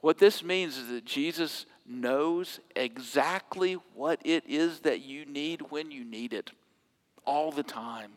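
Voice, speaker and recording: A man preaching a sermon, swinging from loud emphatic quotes to hushed near-whispers. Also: mid-range voice, long reverb tail. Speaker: pastor.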